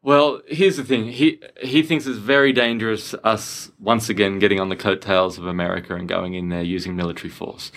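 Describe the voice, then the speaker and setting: Australian man, podcast co-host, lowish voice, rambling casual chat, many restarts. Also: fairly even intonation, fairly quick, hardly any pauses, a bit bright. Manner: rambling, lots of restarts and asides.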